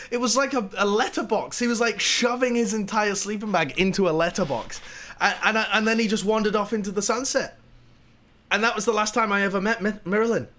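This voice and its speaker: A man streaming live, telling a funny story casually and laughing at it as he goes. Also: high-pitched. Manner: animated, laughing at his own story.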